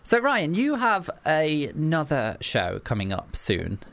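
A man from England hosts a loose, jokey chat with a guest. His pitch swings widely as he talks, and he stumbles and restarts his sentences while laughing often. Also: wildly swooping pitch, slow, vocal fry, heavy background noise. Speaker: podcast host. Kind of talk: casual chat.

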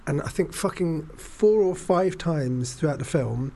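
Animated high-voiced man talking films. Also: a little slow, vocal fry. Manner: animated, swearing, acts out quotes loudly. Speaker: podcast co-host. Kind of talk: casual film chat.

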